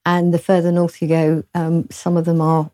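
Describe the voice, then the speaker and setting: A woman's voice: on the low side, monotone, moderate pace, a loud crowd. A middle-aged woman from London with a southern English accent, a guest speaking politely and hesitantly in a casual interview. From southern England, London. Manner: soft-spoken, polite, hesitant. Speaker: author and guest.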